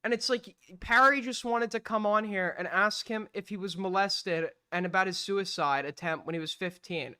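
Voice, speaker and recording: A man with a high, bright and clear voice holds forth on his stream, blunt and argumentative, swearing freely. The sound is dry and close. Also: normal speed, hardly any pauses, no room sound. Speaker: streamer host. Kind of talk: heated live-stream commentary.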